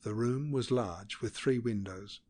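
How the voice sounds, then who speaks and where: A man narrating a classic novel as an audiobook, in a steady, measured reading. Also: mid-range voice.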